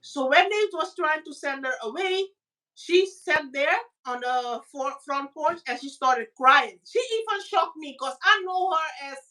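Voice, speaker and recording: A Caribbean woman co-hosting a casual chat, telling stories with lively voice impressions. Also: measured pace, far from the mic. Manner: animated storytelling, acts out voices with high squeaky pitch jumps. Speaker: podcast co-host.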